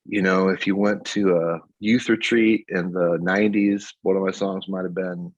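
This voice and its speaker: Man in his fifties, husky and deep, animated guest storyteller, dull lo-fi recording. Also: moderate pace, no echo. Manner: animated storyteller, laughs often. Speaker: guest songwriter. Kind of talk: casual interview. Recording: dull lo-fi audio.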